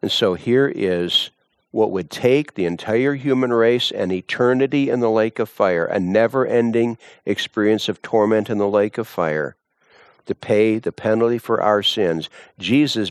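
A man preaching a sermon, slow and deliberate, reading scripture and rising into impassioned appeals. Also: fairly low pitch, no echo, clean studio sound.

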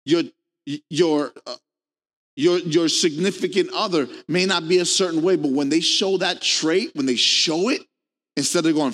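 A middle-aged man preaching a sermon to a congregation, animated and playful, acting out quoted people in a raised voice. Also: a little high, moderate pace. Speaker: pastor. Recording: long hall reverb.

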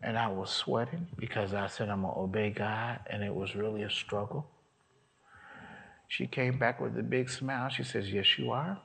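Here a preacher shares a testimony from his own life, his gravelly, fairly low voice holding a fairly even intonation at normal speed. He performs the voices of the people in his story, and his delivery climbs into shouting.

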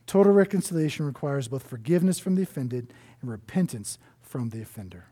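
A male pastor preaching a sermon in an earnest way, often dropping to a soft hush to stress a point. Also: medium pitch, lively intonation, a little fast, few pauses.

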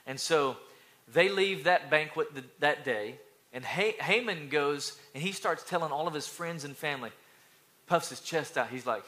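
Energetic high-voiced male pastor. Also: a little slow. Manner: energetic, calls out to congregation, builds to loud. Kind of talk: sermon.

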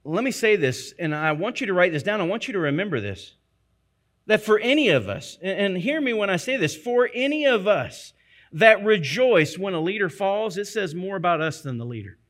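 A man preaches a sermon in a high, bright voice. He speaks earnestly and emphatically, doubling back on phrases to drive his point home. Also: big pitch swings, moderate pace. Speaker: pastor.

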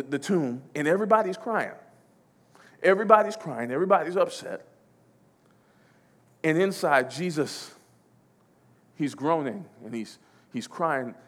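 A man preaching a sermon, emphatic and repetitive, swinging between loud declarations and hushed passages. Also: on the high side.

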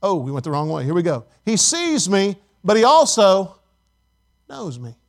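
A man's voice: sits high, sing-song, moderate pace. A middle-aged male pastor preaching a sermon emphatically, calling on the congregation for responses.

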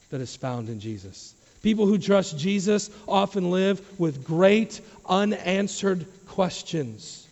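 A man, a pastor, preaching a sermon to his church, dropping to quiet low asides and rising to loud emphatic questions. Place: church sanctuary. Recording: dull sound with long hall reverb.

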